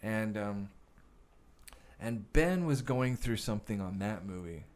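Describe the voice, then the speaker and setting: A man with a somewhat low voice tells stories as a podcast guest. His speech is casual and profane, and it wanders with plenty of fillers and restarts. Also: animated, unhurried, darkish tone. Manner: profane, rambling, many fillers. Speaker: guest actor and director. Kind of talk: casual interview storytelling.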